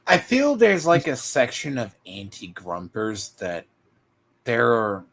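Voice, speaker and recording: A man speaking slowly as a stream guest, in a middle-pitched voice. He hesitates, trails off and restarts in casual chat. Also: huge pitch swings, vocal fry, a bit bright.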